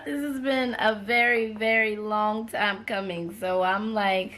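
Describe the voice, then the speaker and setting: A woman's voice: mid-range voice, steady tone, unhurried, hardly any pauses, a bit bright, a little hiss or hum. A young woman who is an author and YouTuber, talking casually with lots of slang while unboxing, emotional, laughing and gasping between exclamations. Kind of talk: excited unboxing vlog.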